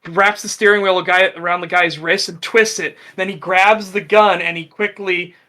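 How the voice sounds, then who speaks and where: A man in casual chat as a podcast co-host, an animated storyteller who acts out the people he quotes. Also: sits high, normal speed.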